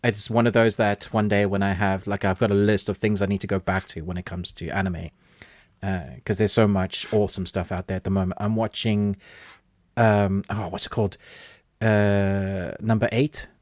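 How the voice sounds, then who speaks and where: A man's voice: lowish voice, level tone, normal speed, a little mellow, no room sound, studio quality. A man co-hosting a podcast, chatting enthusiastically and reading out viewer comments. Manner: chatty and enthusiastic, with frequent laughs. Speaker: podcast co-host.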